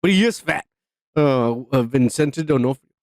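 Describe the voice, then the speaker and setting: A man's voice: medium pitch, animated, normal speed, no echo, studio quality. A man co-hosting a podcast, talking crudely and rambling in casual drunk chat, repeating himself a lot. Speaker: podcast co-host.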